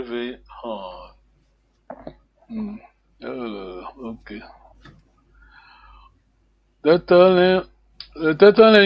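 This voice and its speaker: A man's voice: a little high, dull audio. A man teaching an online language lesson, patiently repeating phrases for his students to copy.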